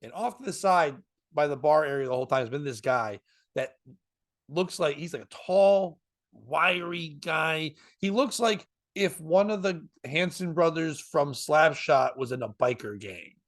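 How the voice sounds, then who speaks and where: Man, comedian, casual storytelling, fairly high voice, laughs a lot. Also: a little slow. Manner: animated, jumps into voices and laughs.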